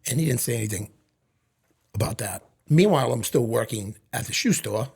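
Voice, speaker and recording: A middle-aged man from Lawrence, Massachusetts, telling stories from his childhood as a podcast guest and acting out quick bits of back-and-forth dialogue. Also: medium pitch, lively intonation, gravelly, a little mellow, slightly rough. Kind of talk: storytelling in casual conversation.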